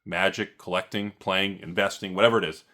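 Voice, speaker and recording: A man's voice: low voice, fairly even intonation, fairly quick, sharp tone. A man hosting a card-collecting vlog, ranting sarcastically with jokes and asides. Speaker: card store owner and channel host.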